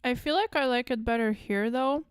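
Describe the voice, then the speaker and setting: A woman music producer thinking aloud as she works, musing and correcting herself, with soft asides. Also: on the high side, moderate pace. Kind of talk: casual think-aloud commentary while producing.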